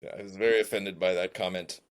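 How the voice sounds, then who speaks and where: A man co-hosting a podcast, chiming in with dry, deadpan jokes during a casual film chat. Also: low voice, quick pace. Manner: dry, deadpan joking interjections. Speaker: podcast co-host.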